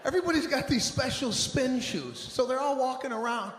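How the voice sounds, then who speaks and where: A man doing a stand-up set, animated and exasperated, acting out the people around him. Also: extremely high pitch, a little fast, a little hiss or hum. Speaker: stand-up comedian. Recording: live room with hall echo.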